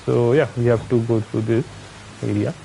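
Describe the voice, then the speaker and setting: A man's voice: medium pitch, fairly even intonation, normal speed, vocal fry, warm tone, slight background noise, low-quality recording. A man from India with an Indian accent, giving casual commentary on his own gameplay, muttering to himself and chatting with viewers. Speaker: streamer.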